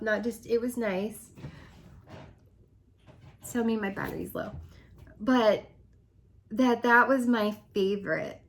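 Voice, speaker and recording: Animated woman with a higher voice. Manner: animated, laughs often, drops to dramatic whispers. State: losing her voice. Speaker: direct-sales consultant. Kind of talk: casual vlog rant.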